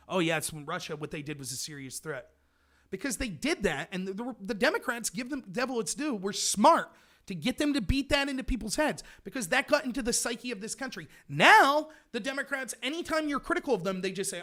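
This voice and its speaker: Mocking male livestream host from the US, high voice, swings up and down a lot. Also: very animated, a little fast, pushed and bright. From United States. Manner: sarcastic, mocking, ranting. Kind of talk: livestream commentary reading chat.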